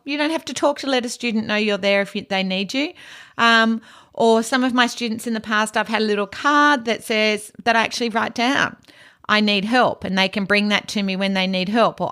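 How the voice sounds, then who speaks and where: Calm, low-key Australian woman. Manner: practical advice, frequent "you know". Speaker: podcast host and educator. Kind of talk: teaching podcast talk.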